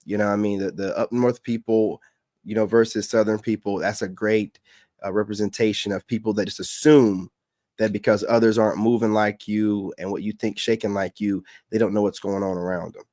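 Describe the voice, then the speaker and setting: A man's voice: on the low side, steady tone, a little fast, warm tone, no room sound, studio quality. A man from the Carolinas giving casual reaction commentary, lecturing and repeating his points for emphasis.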